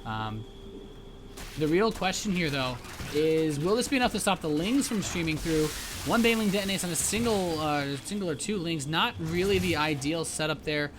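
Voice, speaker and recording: A man's voice: on the high side, animated, moderate pace, noisy background. A man casting a live match as commentator, chatty and rambling with many fillers and restarts. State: hiccups. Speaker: esports caster.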